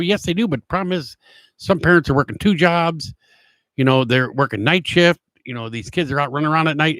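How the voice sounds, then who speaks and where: A man's voice: on the high side, fairly bright tone, no room sound. A middle-aged man hosting a talk show and telling casual stories. He rambles, with frequent fillers and restarts. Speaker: former police officer. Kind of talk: casual storytelling monologue.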